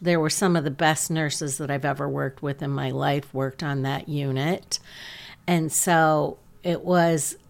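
A woman hosting a podcast, calmly telling a story about one of her patients as a nurse. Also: low voice, vocal fry. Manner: slow, calm, gentle storytelling.

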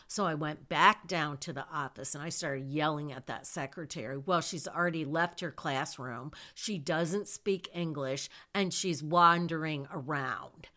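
A woman's voice: sits low, measured pace, hardly any pauses, sharp tone. A woman telling a personal story about her daughter in casual speech, emphatic, with vivid asides.

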